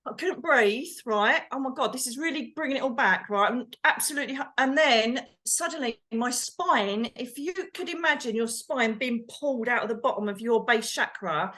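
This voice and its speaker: A woman co-hosting a chat show, telling a story in an animated way and acting out the quotes. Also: a little high, moderate pace, hardly any pauses. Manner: animated, acts out quotes, exclaims. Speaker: co-host, medium.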